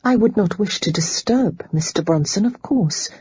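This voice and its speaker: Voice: mid-range voice, lively intonation, normal speed, darkish tone, breathy edge, no room sound, muffled recording, pitched above the performer's own voice. A narrator voicing an anxious, polite young lady who stammers when flustered, in an audiobook. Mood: tactful. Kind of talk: audiobook character reading.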